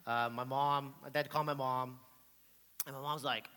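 A middle-aged man preaching, telling a story in an animated way and acting out the voices in it. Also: mid-range voice, moderate pace. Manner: animated storyteller, acts out quotes loudly. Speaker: pastor. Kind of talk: storytelling sermon. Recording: long hall reverb.

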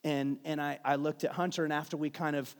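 A man's voice: a little high, flat delivery, fairly quick. A man preaching a sermon, telling a family story in a conversational way with frequent restarts. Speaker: pastor. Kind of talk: sermon with personal stories. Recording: long hall reverb.

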